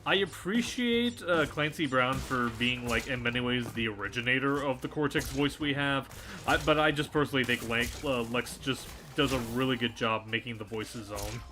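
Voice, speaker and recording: A man's voice: medium pitch, normal speed, over music. A man chatting casually on a stream in an easygoing, agreeable way. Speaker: voice actor on a stream. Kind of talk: casual chat.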